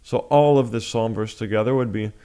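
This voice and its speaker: A man's voice: lowish voice, brisk, mellow, clear, resonant tone. A man teaching chant in a music lesson, explaining step by step with patient, plain talk and sung examples.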